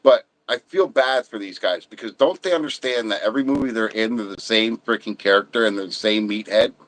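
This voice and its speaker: Man, middle-aged, low voice, blunt, emphatic, casual livestream chat, dry sound. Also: fairly quick, fairly bright tone, no room sound, low-quality recording. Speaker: livestream host.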